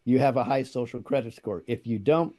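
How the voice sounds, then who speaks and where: Mellow-voiced male talk show host. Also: medium pitch, brisk. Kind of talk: political talk show chat.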